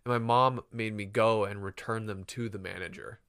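A man's voice: lowish voice, moderate pace, smooth, no room sound. Young guy cohost, dry close mic, rambly storytelling w lots of like and laughs. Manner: animated, laughing storyteller, many "like"s. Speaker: podcast co-host. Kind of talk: casual storytelling chat.

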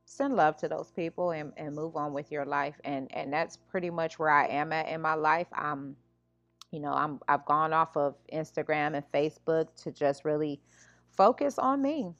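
A woman with a slightly low voice talks earnestly on her self-help podcast, circling back with "you know" and restarting her sentences. The dry, slightly dull recording sits close, with faint music underneath. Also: moderate pace, a bit bright, no room sound. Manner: earnest, repeats "you know what I'm saying", many restarts. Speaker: podcast host and life coach. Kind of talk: casual spiritual self-help monologue.

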